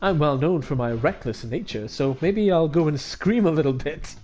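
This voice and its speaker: A man voicing a cheerful young female student heroine in a visual novel, eager and chirpy, pitched above his own voice. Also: expressive, moderate pace, mellow, faint music behind, close to an everyday voice. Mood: curious.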